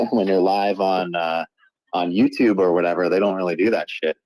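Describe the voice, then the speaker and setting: A man's voice: sits low, steady tone, moderate pace, crowd noise, low-quality recording. A man chatting on a casual livestream, blunt and crude with swearing.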